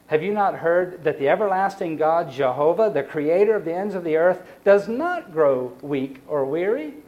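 A man preaching a sermon. He speeds up and slows down, and drops to a soft, quiet voice for quoted reflections. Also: a little high. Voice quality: sighs for emphasis. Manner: varies pace and loudness, slows on key phrases, drops soft for quoted reflections.

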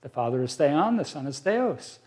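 A man teaching a Bible study, reading verses aloud and explaining them slowly with fillers. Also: a little high, big pitch swings, darkish tone.

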